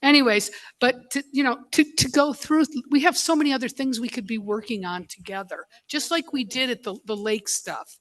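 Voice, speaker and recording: A school board member, a woman, speaking at a public meeting in an emotional, halting way, choked up and apologizing as she goes. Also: on the high side, a bit bright.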